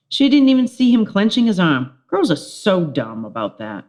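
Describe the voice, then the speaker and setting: A middle-aged woman, a teacher, reading a children's chapter book aloud, telling it with lively expression. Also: mid-range voice, normal speed. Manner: expressive storytelling with character voices.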